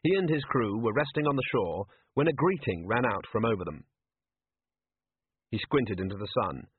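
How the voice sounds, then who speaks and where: Husky man reading a story aloud. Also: lowish voice, moderate pace, no room sound. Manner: expressive storytelling. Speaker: audiobook narrator. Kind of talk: scripted narration. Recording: tinny phone-like line, dry.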